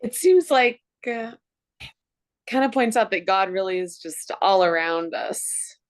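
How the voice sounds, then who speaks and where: A woman's voice: mid-range voice, expressive, a little slow. A woman student answering a question in a class over a video call, tentative and hedging.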